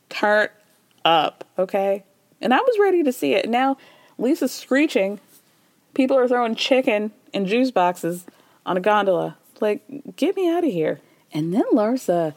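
A woman's voice: a little high, a little mellow, no room sound. A woman hosting a podcast, giving a chatty, sarcastic recap of a reality show and acting out the cast's lines in playful voices. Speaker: podcast host.

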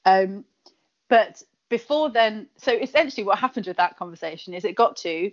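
A woman's voice: mid-range voice, expressive, moderate pace. A woman with a Kent accent chatting casually, giggling often and talking in loose, restarting sentences. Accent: Kent English. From Kent, England. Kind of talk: casual chat. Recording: slightly dull lo-fi audio.

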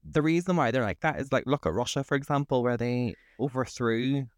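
A man's voice: mid-range voice, a little fast, no room sound, clean studio sound. A man, co-hosting a podcast and ranting in casual, sweary chat. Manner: sweary, ranting, animated storytelling. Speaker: podcast co-host.

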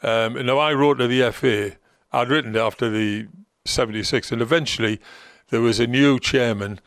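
Gravelly older man spinning old stories. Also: medium pitch, normal speed, fairly bright tone, no echo, clean studio sound. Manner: rambling, reminiscing, acts out other people's lines. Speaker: former football manager, guest. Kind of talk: anecdotal storytelling in conversation.

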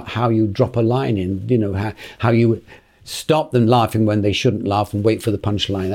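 A man in his eighties, speaking at an ordinary middle pitch, tells winding stories from his past in an interview. He rambles and often restarts his phrases. He chuckles as he recalls the details. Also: a little mellow. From England. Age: 80s. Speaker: interview guest. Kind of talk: anecdotal storytelling in conversation.

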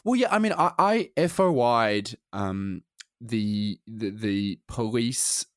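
A man chatting loosely on a podcast, his pitch rising and falling a lot. He rambles and restarts, padding his talk with fillers. The sound is dry and close. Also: animated, slow pace, no room sound. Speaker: podcast co-host. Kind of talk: casual chat.

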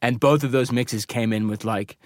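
A man's voice: mid-range voice, steady tone, normal speed, dry recording. Rambling man, dry close sound. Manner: rambling anecdotes with laughs and restarts. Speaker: recording and mixing engineer, guest. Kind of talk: casual interview chat.

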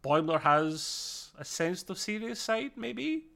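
A man co-hosting a podcast, reviewing a TV episode in lively casual chat, laughing often. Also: high-pitched, unhurried, vocal fry. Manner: animated, laughs often, slips into mimicry. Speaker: podcast co-host.

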